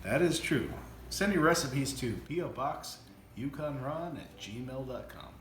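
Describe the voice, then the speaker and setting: A man's voice: mid-range voice, animated, measured pace, fairly bright tone. A man co-hosting a casual cooking show, agreeable and upbeat, in an echoey room with faint background noise. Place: workshop.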